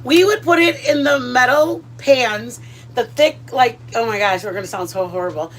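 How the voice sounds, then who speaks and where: A woman's voice: a little high, moderate pace. A middle-aged woman vlogging in a rambling, chatty, self-deprecating way while she cooks at home. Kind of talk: casual chat.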